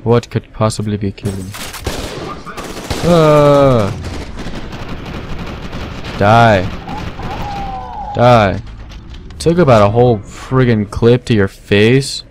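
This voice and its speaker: A young man giving goofy, casual commentary over his own gameplay, talking to his weapons and now and then yelling at them. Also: mid-range voice, extremely slow, long pauses. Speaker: let's play gamer. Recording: faint game noise behind. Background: game gunfire.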